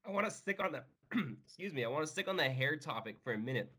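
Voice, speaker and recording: A man's voice: on the high side, expressive, fast, pushed and bright, husky. A man co-hosting a podcast who teases the guest in a playful, chatty way. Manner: playful, teasing. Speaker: podcast co-host. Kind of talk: casual interview chat.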